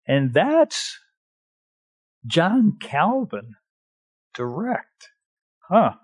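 A man preaching at a very unhurried pace, lingering over each phrase. His pitch rises and falls widely as he repeats key words for emphasis, and the sermon is streamed live. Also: very animated. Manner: slow, deliberate preaching with emphatic repetitions. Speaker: pastor. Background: live-streamed church service.

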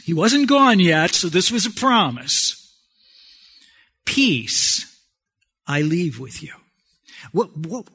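A man preaching a sermon, swinging from raised exclamations to soft near-whispers. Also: sits high, slightly rough. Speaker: pastor.

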